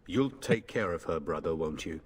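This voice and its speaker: A man's voice: sits low, animated, moderate pace, in a large hall, crowd noise. A man voicing a cocky young noble warrior with a breezy, joking manner. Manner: jokey, breezy bravado.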